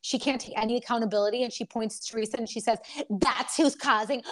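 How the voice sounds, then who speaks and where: A woman's voice: a little high, fast. A woman co-hosting a podcast, recapping a reality TV episode in casual chat and acting out quotes with drama. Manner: animated, acts out quotes in dramatic voices. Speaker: podcast co-host.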